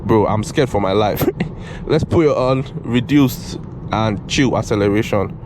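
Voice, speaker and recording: A young man giving casual, excitable driving commentary from inside a moving car, repeating himself and calling out "bro", recorded on a GoPro camera. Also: on the low side, unhurried. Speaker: car reviewer. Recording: road and engine noise in car.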